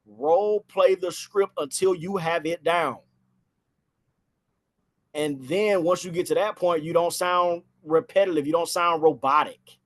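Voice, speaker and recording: Speaking from a home, a slightly high-voiced man runs an informal talk teaching phone sales. For emphasis, he says certain phrases more than once.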